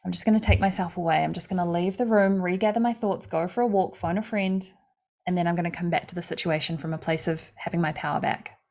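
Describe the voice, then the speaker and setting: A woman's voice: lowish voice, steady tone, fast talker. Woman life coach doing a live session, earnest and chatty, lots of "like" and little laughs. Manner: earnest, conversational, acts out inner thoughts; frequent fillers and soft laughs.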